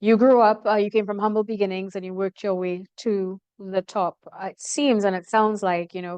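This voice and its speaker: A woman hosts a broadcast interview. Her voice is smooth and clear, and she leads her guests in a measured, encouraging way. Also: mid-range voice, darkish tone. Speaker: interview host.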